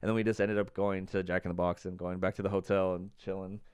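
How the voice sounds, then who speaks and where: A young man co-hosting a podcast, telling a story in casual chat, animated, acting out quotes and saying "like" and "dude" a lot. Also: low voice, fast, clear, resonant tone. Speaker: podcast co-host.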